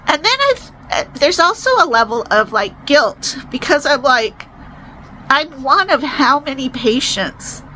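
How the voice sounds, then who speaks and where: A young woman telling a personal story to the camera, emotional and rising into high-pitched distress. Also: pushed and bright, slight background noise, rough recording. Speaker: vlogger.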